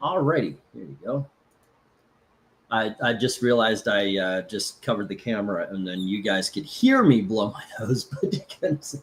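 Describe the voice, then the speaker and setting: A man's voice: on the low side, sing-song, normal speed, slight background noise. A man from Florida hosting a casual live stream, rambling with lots of fillers and restarts while reading out chat. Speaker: host.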